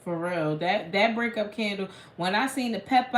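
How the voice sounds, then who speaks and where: A woman's voice: mid-range voice, lively intonation, moderate pace, few pauses. A woman tarot reader in casual late-night live chat, telling stories in a blunt, profane way. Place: room at home at night. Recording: echoey room with faint hum.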